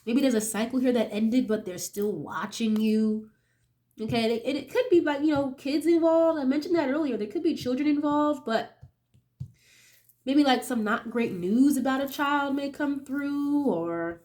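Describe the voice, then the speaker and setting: Young woman doing a chill tarot reading, stuffy nose from a cold, kinda high voice, says okay a lot. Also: normal speed, darkish tone. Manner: chatty, keeps asking okay, swears casually. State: getting over a cold, nasal and sniffly. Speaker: tarot reader.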